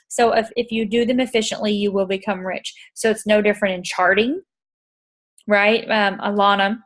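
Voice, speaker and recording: Animated swearing woman with a high voice. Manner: animated, swears freely, acts out exchanges in a higher voice. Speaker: network marketing team leader. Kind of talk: casual motivational talk.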